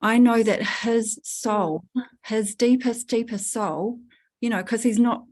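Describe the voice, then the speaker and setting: A woman leading a spiritual workshop, coaching a participant in an earthy, animated way, laughing and swearing casually. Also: fairly high pitch, slow. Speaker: workshop leader.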